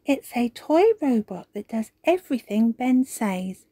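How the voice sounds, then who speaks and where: A woman's voice: on the high side, lively intonation, unhurried, mellow, breathy edge, no echo, clean studio sound, pitched above the performer's own voice. A woman voicing a little fairy princess girl. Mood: urgent.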